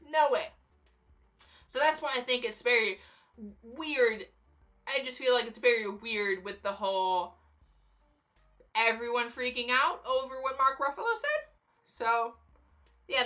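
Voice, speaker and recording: Bright chatty young woman vlogger. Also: fairly high pitch. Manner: chatty and playfully sarcastic. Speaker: YouTube vlogger. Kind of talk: casual movie commentary.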